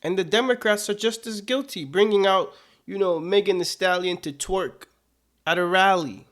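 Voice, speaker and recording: Male commentator, higher pitch, casual and indignant, rhetorical questions. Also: normal speed, a bit bright. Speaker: political commentator.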